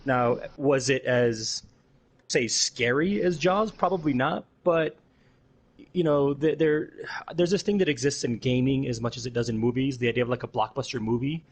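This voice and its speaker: A man's voice: medium pitch, normal speed. A man co-hosting a podcast, thinking aloud in casual chat and often repeating words as he goes. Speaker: podcast co-host.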